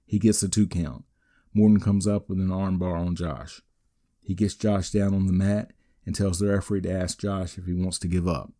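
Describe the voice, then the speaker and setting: A man with a low, mellow voice hosts a wrestling podcast. He recaps the matches move by move in a steady, matter-of-fact way and drops the odd dry aside. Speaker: podcast host. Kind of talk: recapping a wrestling event play by play.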